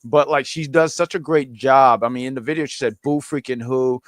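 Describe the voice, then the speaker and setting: A man hosts a podcast in easygoing chat, his voice sitting at an average pitch. He talks with enthusiasm and often stumbles and restarts his sentences. The sound is dry and close, with no room around it. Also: fairly quick, a bit bright, no room sound. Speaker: podcast host. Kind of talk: casual chat.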